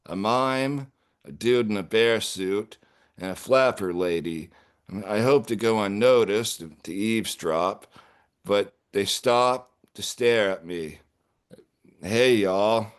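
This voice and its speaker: Slow, low-voiced man reading fiction. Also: smooth. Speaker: author reading his own story. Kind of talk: literary reading.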